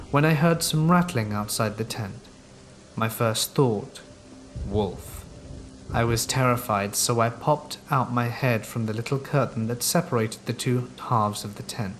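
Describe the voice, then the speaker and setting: A man's voice: medium pitch, a little hiss or hum. Man reading scary stories over rain. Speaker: horror story narrator. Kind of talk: scripted first-person horror narration. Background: steady rain sounds.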